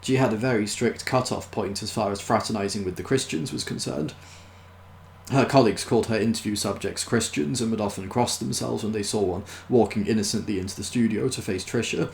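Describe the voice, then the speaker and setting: A man reading a novel aloud in an unhurried, dry manner, with small self-corrections. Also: fairly low pitch, vocal fry, slight background noise. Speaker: storyteller.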